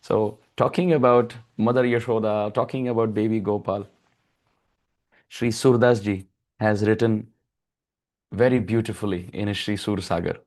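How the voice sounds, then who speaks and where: Guy giving a devotional talk, storytelling, chants sanskrit verses, gets lively. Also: fairly low pitch, unhurried, long pauses. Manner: animated storyteller, acts out baby voices and chants Sanskrit verses. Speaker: spiritual speaker. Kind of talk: devotional discourse.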